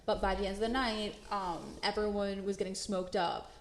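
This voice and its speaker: A woman's voice: medium pitch, normal speed, a little hiss or hum. Young woman telling a story, laughing often. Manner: animated, laughing, swearing, acts out quotes. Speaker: podcast co-host. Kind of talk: casual storytelling chat. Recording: roomy echo.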